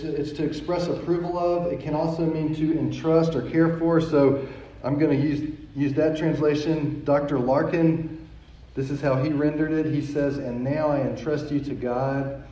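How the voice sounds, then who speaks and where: A man's voice: fairly high pitch, steady tone, unhurried, mellow. A man preaching a sermon as pastor, telling a story in a conversational way and often repeating words as he goes. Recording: echoey, dull sound from a distant mic.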